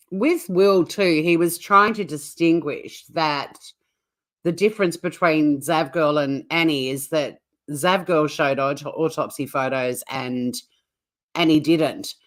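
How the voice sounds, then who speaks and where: An Australian woman co-hosting a casual reaction chat, blunt, swearing and laughing often. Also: low voice. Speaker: channel co-host.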